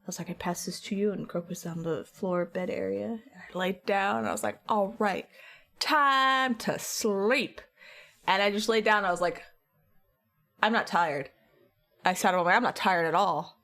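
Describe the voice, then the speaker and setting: Her voice is mid-range with a fairly bright tone, delivered at normal speed. She's a tired young streamer in casual conversation with viewers, meandering through a story and performing the lines she once said.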